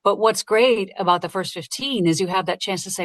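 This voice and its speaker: A woman who narrates audiobooks, talking casually and lively in an interview and laughing easily. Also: mid-range voice, no room sound. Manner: lively, chatty, quick to laugh.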